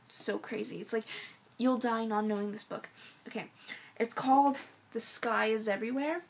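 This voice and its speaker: A woman's voice: on the high side, breathy edge. A teenage girl recommending her favorite books in a rambling, gushing way, full of ums and likes. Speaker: book vlogger. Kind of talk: casual book recommendation vlog.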